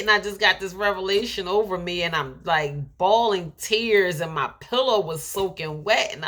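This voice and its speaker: A woman's voice: medium pitch, a little slow, few pauses, a bit bright. A woman delivering an earnest, emotional faith-based motivational talk to her viewers. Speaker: motivational speaker.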